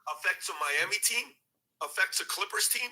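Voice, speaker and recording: Bright-voiced man firing rhetorical questions. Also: high-pitched, lively intonation, normal speed, rough recording. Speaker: podcast host. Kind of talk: opinionated sports talk.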